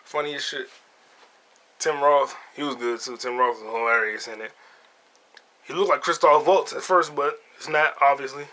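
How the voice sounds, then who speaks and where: A man's voice: medium pitch, normal speed, long pauses, sharp tone. A man hosting a podcast, retelling movie scenes in a casual, profane way and laughing as he goes. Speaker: podcast host. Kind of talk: casual solo movie review.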